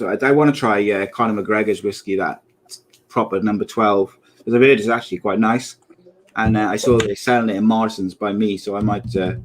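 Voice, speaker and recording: A man's voice: on the low side, background noise. A man in his thirties co-hosting a casual podcast chat, joking and often laughing at his own gags. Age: 30s. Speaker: podcast co-host.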